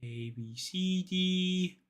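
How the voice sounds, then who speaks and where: A man's voice: sits high, drawn-out words. A man streaming live from his computer, talking casually as he looks things up, swearing and laughing at himself as he rambles.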